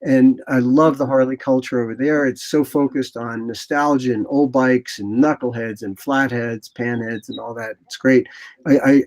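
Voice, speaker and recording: A man in his sixties, a photographer guest in an interview, telling rambling, animated anecdotes and acting out what people said. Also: mid-range voice, normal speed. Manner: animated, rambling anecdotes with lively quoted asides. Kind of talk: casual interview storytelling.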